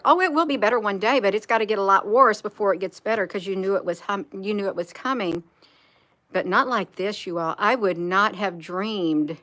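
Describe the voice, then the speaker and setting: Earnest bright-voiced woman. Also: mid-range voice, fairly quick. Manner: repetitive, earnest, reads chat comments aloud. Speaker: spiritual vlogger. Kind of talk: live-stream monologue.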